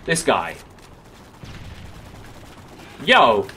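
A young man talks over his own gameplay, sarcastic and quick to swear whenever things go wrong. His voice swings widely up and down in pitch, and a faint hiss sits under the recording. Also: animated. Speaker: gaming YouTuber. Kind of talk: live gameplay commentary. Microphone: webcam-recorded gaming setup.

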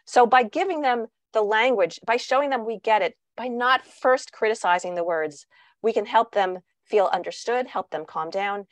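A woman who writes on parenting answers interview questions over a video call, lively, and she acts out the voices she quotes. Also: on the high side, moderate pace, no echo. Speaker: parenting author and guest speaker.

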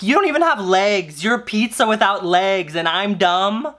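A young man talking straight to the camera in a joking vlog. He rambles from tangent to tangent with a sarcastic edge, often slipping into quick put-on voices before carrying on. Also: high voice, animated, a bit bright. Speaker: YouTuber. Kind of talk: comedic vlog monologue.

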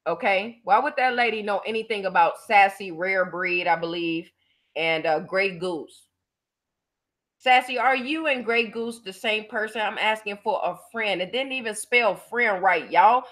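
A woman's voice: medium pitch, animated, moderate pace, a bit bright. A woman hosting her own channel, giving blunt, profane, mocking commentary in a casual chatty style. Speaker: channel host.

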